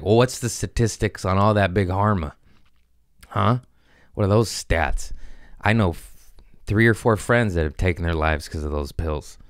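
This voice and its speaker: A man on a podcast telling a profane, animated comic story and acting out the voices of the people in it. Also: low-pitched, smooth, no room sound, clean studio sound. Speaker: comedian guest on a podcast.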